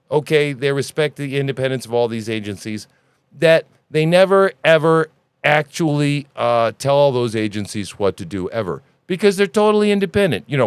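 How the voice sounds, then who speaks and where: A man hosting a news commentary podcast, ranting in an animated, sarcastic and profane way. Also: medium pitch, clear, resonant tone, dry recording. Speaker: podcast host.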